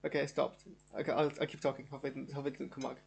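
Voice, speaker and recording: A man's voice: medium pitch, little pitch movement, racing, creaky, slightly rough. A man streaming a live show reaction from his home studio, rambling and enthusiastic as he talks it through.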